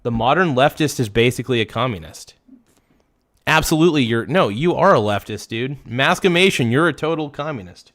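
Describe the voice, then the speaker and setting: Male livestream host, mid pitch, casual and hyped, swears a lot, chats off the cuff. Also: a little fast. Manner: excitable, swears often, reads out viewers' names to thank them.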